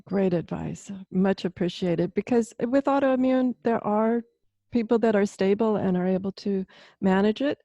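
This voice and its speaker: Mellow-voiced woman host on a dull line. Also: medium pitch, moderate pace, no echo. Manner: brief, agreeable interjections. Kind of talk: interview conversation.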